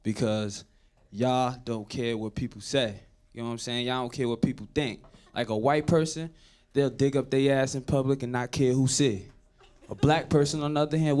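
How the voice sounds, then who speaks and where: A man's voice: mid-range voice, a little mellow. A man doing a brash, profane stand-up set, talking straight to the crowd. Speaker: stand-up comedian.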